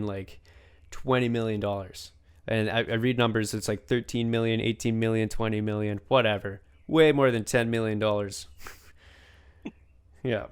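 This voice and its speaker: Smooth-voiced young man rambling a story. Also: lowish voice. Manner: rambling storyteller, laughs often, says "man". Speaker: podcast host. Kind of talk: casual chat.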